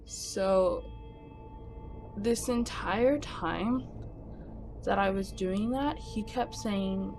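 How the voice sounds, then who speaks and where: A young woman telling a personal story on her vlog, speaking quickly and nervously with animated emphasis. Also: mid-range voice. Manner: talks fast when nervous. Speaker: vlogger. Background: music.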